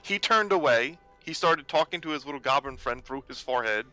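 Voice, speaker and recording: A man's voice: medium pitch, poor audio. A man playing a tabletop game, laughing often and describing his moves. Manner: laughing often, slow and animated. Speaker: player.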